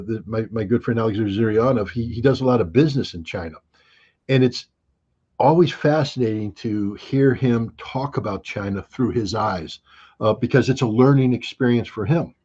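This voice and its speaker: A man in his sixties giving an interview, with an animated, sarcastic delivery and frequent restarts. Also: medium pitch, breathy edge. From United States. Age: 60s. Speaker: interview guest. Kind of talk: opinionated interview talk. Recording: dull lo-fi recording.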